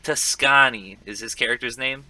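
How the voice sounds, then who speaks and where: Dude cracking dry jokes about a movie, really bright sharp voice. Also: male voice, medium pitch, moderate pace. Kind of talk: casual movie recap chat.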